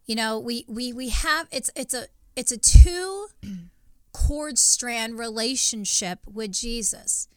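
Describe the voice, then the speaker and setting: A woman co-hosts a Christian podcast, doing faith-based conversational teaching in an emphatic, preachy way and often repeating words as she starts sentences. Her slightly high voice is animated yet slow, darkish in tone, with no room sound.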